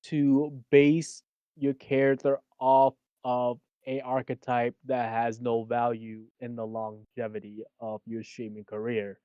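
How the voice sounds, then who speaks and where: Man, measured wry reaction commentary, slow and deliberate, smooth voice, dry close mic. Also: mid-range voice, little pitch movement, dark tone, dry recording, lo-fi sound. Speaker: VTuber co-host.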